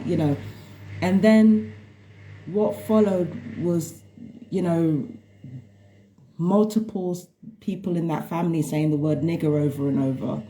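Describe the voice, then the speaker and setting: A woman's voice: deep voice, measured pace, warm tone, slight background noise. A woman talking casually on a live stream from home, rambling and exasperated as she vents. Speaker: tarot reader and vlogger. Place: at home indoors.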